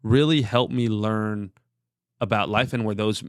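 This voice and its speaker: A man's voice: lowish voice, a little slow, no echo, studio quality. A man in his thirties, a podcast guest, sharing a personal story in an earnest, rambling way with many filler words. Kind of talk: candid conversational storytelling.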